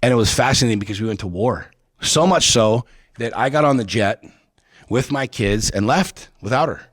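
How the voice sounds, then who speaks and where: A man's voice: medium pitch, normal speed, fairly bright tone, breathy edge, no echo, clean studio sound. A middle-aged man casually telling a story on a podcast, swearing freely and getting heated when he retells arguments. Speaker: podcast guest.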